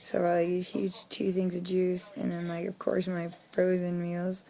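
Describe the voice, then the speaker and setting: A young woman vlogging casually, venting in an irritable, profane way with lots of fillers, sounding low and weary. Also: monotone, normal speed, gravelly, warm tone. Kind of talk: casual personal vlog.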